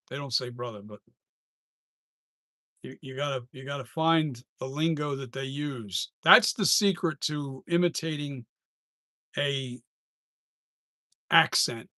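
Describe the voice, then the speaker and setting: A man's voice: mid-range voice, pushed and bright, no echo, clean studio sound. A man who makes masks, chatting casually on a live stream, rambling and often trailing off and restarting sentences. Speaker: mask maker and live streamer.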